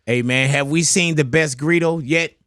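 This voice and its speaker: A man's voice: a little high, normal speed, a bit bright, no echo, clean studio sound. A man hosting an interview, asking questions with short encouraging replies and friendly joking. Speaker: interview host. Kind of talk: casual interview talk. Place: studio.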